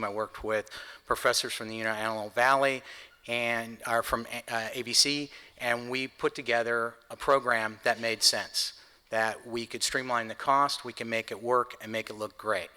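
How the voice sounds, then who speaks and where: A man addresses a conference audience in an earnest, plainspoken way, reaching for everyday comparisons. His voice is strikingly bright and forceful. The sound rings with the long reverb of a large hall. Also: mid-range voice. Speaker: home builder executive speaker. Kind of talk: conference speech.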